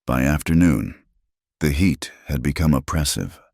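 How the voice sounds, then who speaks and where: A man telling a western tale in slow, measured narration. His voice is extremely low and gravelly. The sound is close and dry. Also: a little mellow, no room sound. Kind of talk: scripted narration.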